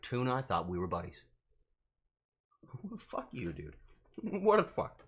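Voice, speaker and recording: A man's voice: low-pitched, huge pitch swings, measured pace, pauses often, slightly rough. A male streamer in casual live-stream chat, flustered and swearing as he banters with his chat.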